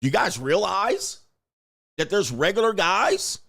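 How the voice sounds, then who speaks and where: A man ranting casually on a livestream, animated and emphatic, laughing and repeating himself for emphasis. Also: sits high, slow, gravelly, soft background music. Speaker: dating commentary streamer.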